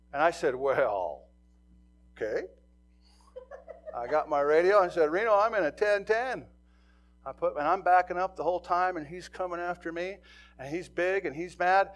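A middle-aged man preaching a sermon, telling a story and swinging between loud bursts and hushed near-whispers. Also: a little high. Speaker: pastor.

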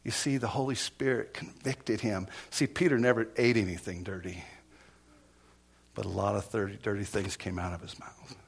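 A middle-aged man preaching a sermon as pastor, telling stories with restarts and repeated phrases, dropping to hushed near-whispers and then rising to loud, impassioned exhortation. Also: lowish voice, fairly even intonation, moderate pace, creaky, slightly rough. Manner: storytelling with repetitions and restarts.

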